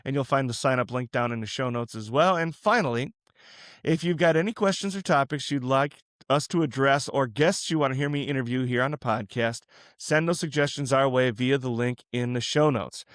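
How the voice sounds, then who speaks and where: A man hosting a Christian podcast, talking in a relaxed, chatty way and musing aloud with restarts. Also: mid-range voice, fairly quick, no echo, studio quality. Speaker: podcast host. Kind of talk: casual Christian podcast interview.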